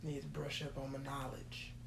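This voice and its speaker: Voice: mid-range voice, completely flat delivery, moderate pace, creaky. A vlogger telling rambling stories in a casual, profane, jokey way and laughing often between lines. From Texas. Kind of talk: casual rambling storytelling monologue. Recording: echoey room with faint hum.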